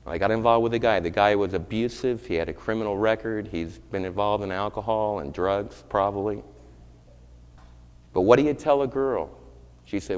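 A man's voice: on the low side, moderate pace, long pauses, clear, resonant tone. A preaching man in a reverberant hall. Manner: swings from loud urgent preaching to hushed storytelling. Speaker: pastor. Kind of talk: sermon.

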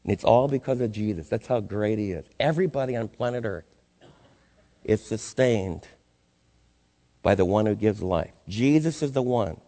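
A man's voice: lowish voice, animated, normal speed, mellow. A male pastor preaching a sermon, asking the congregation rhetorical questions with rising intensity. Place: church sanctuary. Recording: long reverb in a church hall.

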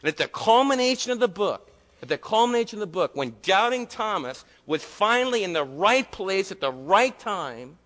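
A man's voice: sits high, sing-song, normal speed, a bit bright. A man preaching a sermon in a church, emphatic and full of rhetorical questions. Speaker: pastor. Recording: long hall reverb.

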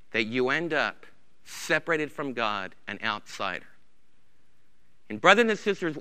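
A man's voice: a little high, sharp tone, smooth. A man preaching a sermon as pastor, impassioned and repeating key phrases, in a church sanctuary. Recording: reverberant church hall.

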